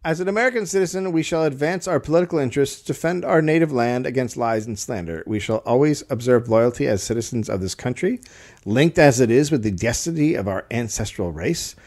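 A man's voice: mid-range voice, brisk, darkish tone. A man hosting a comedy history podcast, reading old texts aloud and breaking off for dry jokey asides.

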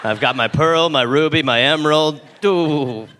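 Bright, sarcastic man cracking jokes. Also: on the high side. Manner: sarcastic, quick jokey interjections. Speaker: comedy podcast co-host. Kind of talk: live comedic banter. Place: live show on stage.

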